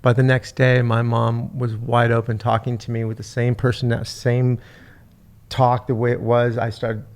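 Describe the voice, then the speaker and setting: Gravelly man, halting storytelling. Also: medium pitch, monotone. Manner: halting, repeats words, retells talks with his mother. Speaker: podcast host. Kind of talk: emotional personal storytelling.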